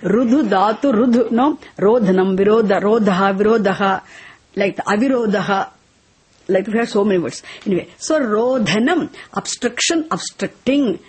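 Husky woman teaching Sanskrit. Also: mid-range voice, a little mellow. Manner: slow deliberate explaining, switching into Tamil and chanting verses. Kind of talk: class lesson with call-and-response recitation.

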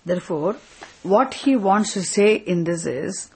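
Husky woman teaching. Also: mid-range voice, lively intonation, measured pace, a little mellow, rough recording. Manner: questioning, repeats points, asks "isn't it?". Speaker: spiritual teacher. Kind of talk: Vedanta scripture class.

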